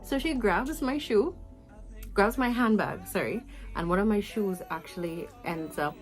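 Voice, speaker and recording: A Trinidadian woman in her twenties telling a storytime vlog in an animated, chatty way, with asides to her viewers. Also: medium pitch, unhurried, soft background music, low-quality recording. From Trinidad and Tobago. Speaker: vlogger.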